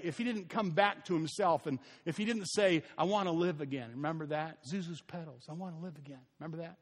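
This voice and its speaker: A man preaching a sermon as pastor, animated, acting out scenes and sometimes dropping very soft. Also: on the high side. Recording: echoey hall with long reverb.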